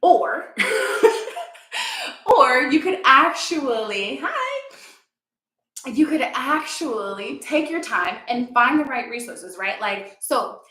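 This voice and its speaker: A chatty, encouraging woman gives a casual motivational talk with plenty of fillers. Her voice sits a little high. The room around her is echoey. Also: expressive, takes it slowly, sharp tone. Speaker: yoga teacher and confidence coach.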